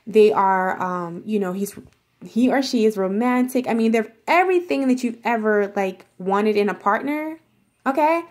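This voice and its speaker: A woman's voice: medium pitch, normal speed. A woman giving a casual tarot reading, talking straight to the viewer in a rambling, reassuring way full of filler words. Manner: addresses viewer directly and reassuringly. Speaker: tarot reader.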